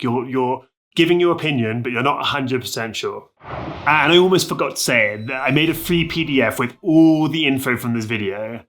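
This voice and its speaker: A man's voice: mid-range voice, moderate pace, a bit bright. A man giving a casual, upbeat video lesson on Spanish, chatting to viewers with lots of fillers. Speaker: Spanish teacher.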